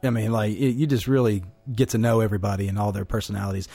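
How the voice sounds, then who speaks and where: A man co-hosting a casual movie review podcast, talking quickly and excitedly, swearing now and then. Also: on the low side, creaky, faint music behind. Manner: fast, animated, swears, retells scenes. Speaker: podcast co-host.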